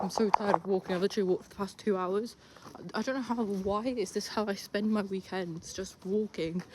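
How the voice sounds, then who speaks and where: A woman's voice: medium pitch, background noise. A young woman, chatting casually and rambling with self-mocking asides as she vlogs. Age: young adult. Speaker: vlogger. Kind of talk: casual vlog chat. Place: outdoors, walking through town.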